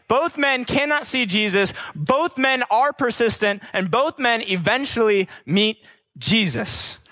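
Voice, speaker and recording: A young man giving a casual, energetic Bible talk to a church group, full of slang and chatty asides. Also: high-pitched.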